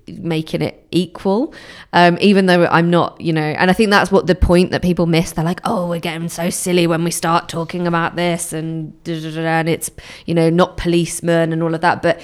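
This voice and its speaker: A woman with a low, smooth and resonant voice, chatting frankly on a podcast. She talks in quick, casual runs, full of asides and quoted remarks. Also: little pitch movement. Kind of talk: casual chat.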